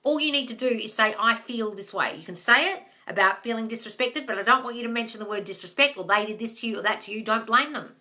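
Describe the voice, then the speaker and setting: A woman with a slightly high, bright, forceful voice talks fast, barely pausing, as she hosts a live manifesting Q&A. She's blunt and swears, calling her listeners "darling" and "guys" while handing out casual advice. The sound comes through a phone or webcam on a live stream.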